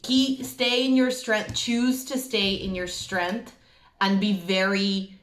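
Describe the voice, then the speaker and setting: A woman's voice: medium pitch, steady tone, slow, fairly bright tone, reverberant, slight background noise. A woman giving a casual tarot reading to camera, chatty and emphatic, with many fillers. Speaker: tarot reader.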